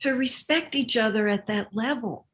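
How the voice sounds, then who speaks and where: A woman guest in an interview, a relationship teacher speaking in a measured, reflective, earnest way. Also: a little high, fairly bright tone. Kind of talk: interview conversation.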